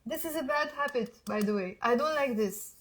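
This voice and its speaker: A woman from Mount Lebanon with a Lebanese accent, speaking in a slightly high, lively voice. She teaches Arabic casually and keeps urging her learners to repeat aloud with her. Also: moderate pace. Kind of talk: casual language lesson.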